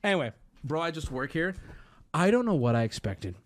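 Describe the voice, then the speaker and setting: A man's voice: on the high side, very animated, brisk. A man telling a story on his stream as a profane, self-mocking rant, getting heated as it goes.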